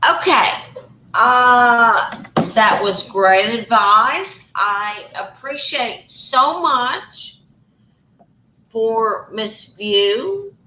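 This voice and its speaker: A woman with a Southern US accent hosting a live stream, talking with callers in a slow, careful, hesitant way. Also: a little high, expressive, bright, forceful tone. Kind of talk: casual live chat with callers. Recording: echoey room.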